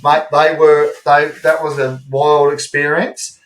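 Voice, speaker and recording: A man's voice: a little high, level tone, slow, fairly bright tone, slight background noise, rough recording. A man with an Australian accent co-hosting a podcast, telling a story in casual chat, swearing freely and rambling through asides. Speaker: podcast co-host.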